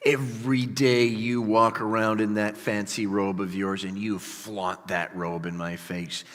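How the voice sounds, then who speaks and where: A man's voice: lowish voice, level tone, unhurried, a bit bright, long reverb tail. A pastor voicing a jealous older brother who mocks and sneers at his sibling. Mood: sneering. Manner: sneering, mocking. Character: jealous, spiteful older brothers, scornful young men.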